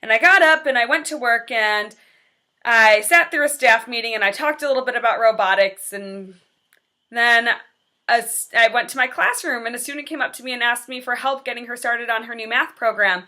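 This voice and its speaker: Earnest bright-voiced young woman confiding. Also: on the high side, brisk. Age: 20s. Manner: candid, earnest and confessional. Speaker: teacher. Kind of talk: personal vlog confession.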